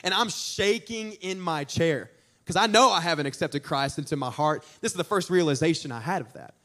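High-voiced young preacher. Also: male voice, fairly quick. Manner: animated, jokey storytelling with audience asides. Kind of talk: storytelling sermon.

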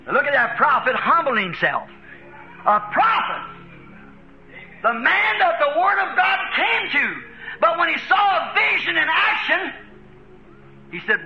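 An American man preaching a fervent sermon, chuckling between lines and rising to shouts. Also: extremely high pitch, big pitch swings, measured pace, pauses often, lo-fi sound, faint music behind. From United States.

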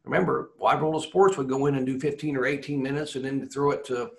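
A man who was a racing broadcaster, telling rambling, animated anecdotes in a casual interview. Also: medium pitch, fast, creaky.

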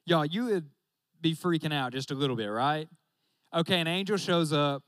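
A man's voice: on the high side, moderate pace, a bit bright, dry recording. A young man preaching a casual sermon, joking and talking straight to his listeners. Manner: joking, talks straight to the audience with "y'all".

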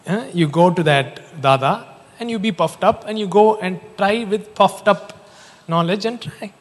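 Male preacher, fairly high voice, animated storytelling sermon in a reverberant hall. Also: a little slow. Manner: animated storytelling, jokes and laughs.

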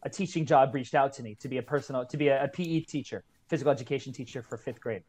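Fast-talking young man, earnest and heartfelt. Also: mid-range voice, darkish tone. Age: 20s. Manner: earnest, heartfelt storytelling, many "like" fillers. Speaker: guest, kettlebell coach. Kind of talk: casual podcast conversation.

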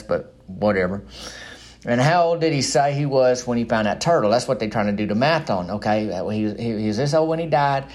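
A man telling a rambling, deadpan comic monologue about his small town, in folksy, slangy speech. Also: fairly low pitch.

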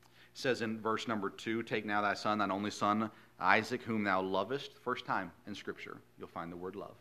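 A male pastor preaching a sermon in a folksy, earnest storytelling way, swinging from hushed lines to loud emphasis. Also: on the low side, steady tone, normal speed.

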